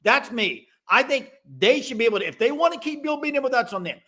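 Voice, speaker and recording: Male sports-talk host, bright and lively, opinionated, fast restarts. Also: very high voice. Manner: animated, quick restarts, throws out opinions. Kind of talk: casual sports talk with live call-ins.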